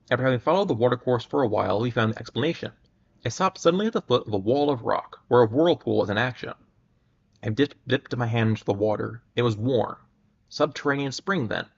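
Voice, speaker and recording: A man giving a dramatic reading of an old adventure story at a measured pace, sometimes stumbling and restarting words. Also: mid-range voice, creaky, slightly rough. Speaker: reader. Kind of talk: dramatic reading of pulp fiction. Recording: muffled lo-fi recording.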